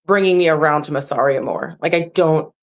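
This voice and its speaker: A woman's voice: low-pitched, fairly quick, highs cut off. A woman co-hosting a podcast, rambling casually with lots of "like" as she shares her opinions about a show. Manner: rambling, heavy use of "like". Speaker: podcast co-host. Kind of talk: casual recap chat.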